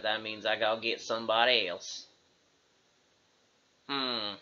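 A man's voice: medium pitch, animated, slow pace, pauses often, bright, forceful tone, dull audio. A man casually commenting while playing a game, joking and slipping into character voices. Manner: jokey, goes into voices. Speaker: let's play host.

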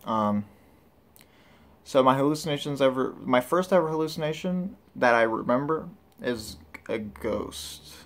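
A man's voice: mid-range voice, expressive, unhurried, a bit bright. A man talking casually to camera as a vlogger, rambling and candid with lots of filler words. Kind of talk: casual vlog talk.

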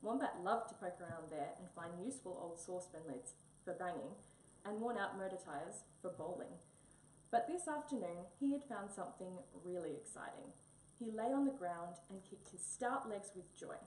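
A woman reading a children's picture book aloud in an expressive storybook manner. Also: on the low side, moderate pace. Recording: echoey room, mic a bit far, faint hum.

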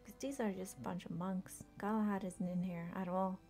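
A young woman with a gravelly, vocal-fry edge to her mid-pitched voice, casually narrating her gameplay for a live stream audience. She rambles, laughs and mutters to herself as she goes. Soft game music plays faintly underneath. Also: fairly even intonation, normal speed. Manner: chatty, easily distracted, laughs often, talks to herself. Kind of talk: casual live-stream commentary while playing.

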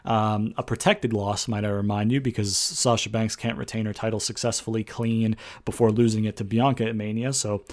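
A man's voice: fairly low pitch, steady tone, moderate pace, few pauses. A man giving a casual, rambling spoken commentary as a wrestling predictions vlogger, blunt and profane, with sarcastic jabs and frequent restarts.

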